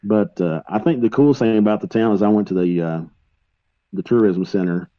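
Rambling low-voiced man telling stories. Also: a little fast, dry recording, muffled recording. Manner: rambling, animated storyteller with many fillers. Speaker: guest paranormal investigator. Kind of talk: casual storytelling in a podcast interview.

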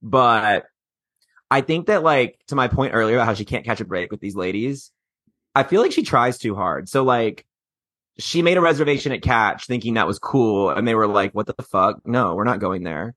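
Bright-voiced opinionated young man. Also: mid-range voice, animated, moderate pace, dry recording. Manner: opinionated, laughs easily. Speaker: podcast co-host. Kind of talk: casual chat.

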